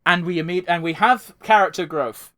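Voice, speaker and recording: Young male podcast co-host, high-pitched, excitable and profane, casual chat. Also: moderate pace. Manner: excitable, swears freely, laughs often.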